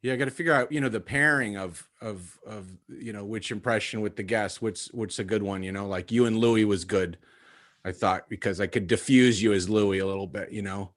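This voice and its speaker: A man's voice: on the low side, brisk. A man who does impressions, a guest on a podcast, talking casually in a rambling way full of filler phrases. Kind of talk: casual chat.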